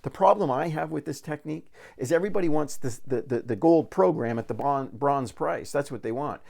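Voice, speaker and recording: A man's voice: a little high, lively intonation, brisk, gravelly, a little mellow. A man giving a recorded real estate sales training talk, telling folksy stories and repeating words as he restarts.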